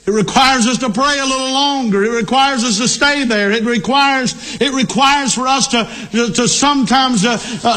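A middle-aged male pastor preaching a sermon, emphatic, repeating key lines and rising to shouts. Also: very high voice, moderate pace, few pauses.

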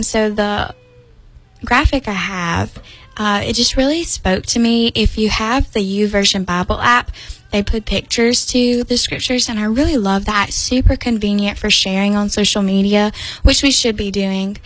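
A woman's voice: medium pitch, no room sound, rough recording. Giggly chatty woman. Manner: giggly, chatty, uses "y'all" and "like". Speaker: host of a Bible study broadcast. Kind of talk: casual Bible study talk.

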